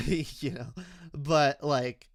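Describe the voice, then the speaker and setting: A man's voice: on the high side, steady tone, drawn-out words, vocal fry, no echo, clean studio sound. A man hosting a livestream, chatting casually and reading chat, with rambling speech full of restarts. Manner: rambling, lots of fillers and restarts, laughs often.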